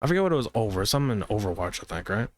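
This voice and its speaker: A man with a lowish voice chats casually on a live gaming stream. He rambles through his thoughts, swears freely and addresses the viewers directly. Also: sing-song, very fast.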